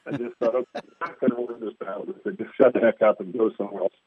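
A man's voice: on the low side, steady tone, racing, slightly rough, no room sound. A man, a sports radio reporter, telling stories in casual chat and acting out quotes in raised voices. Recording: tinny phone-line sound, dry.

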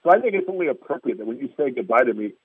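A sports radio reporter tells stories in casual chat, his mid-range, sing-song voice racing along as he acts out quotes in raised voices. The sound is tinny and dry like a phone line, with a little hiss or hum.

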